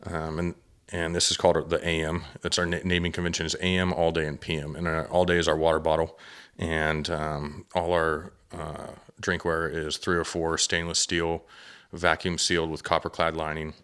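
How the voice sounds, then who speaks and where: Deep-voiced guy chatting on a podcast, animated storyteller, gets excited telling it. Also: moderate pace, clean tone. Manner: lively storyteller, gets worked up telling a hunt. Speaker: guest, hunter and drinkware entrepreneur. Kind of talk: casual podcast conversation.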